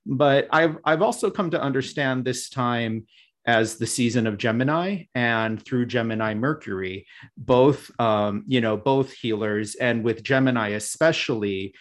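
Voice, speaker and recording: A man talking as a guest in a casual spiritual chat, halting and full of restarts. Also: mid-range voice. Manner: halting, many fillers and restarts.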